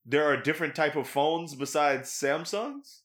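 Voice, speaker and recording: A man hosting a podcast, chatting casually in an animated, slangy way with lots of laughter. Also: fairly high pitch, unhurried. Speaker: podcast host. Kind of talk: casual chat.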